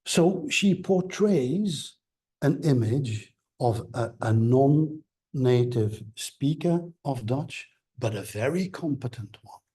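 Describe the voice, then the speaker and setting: Slow, halting male lecturer. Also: medium pitch, animated, warm tone. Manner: measured, halting, with many fillers and restarts. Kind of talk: academic seminar lecture.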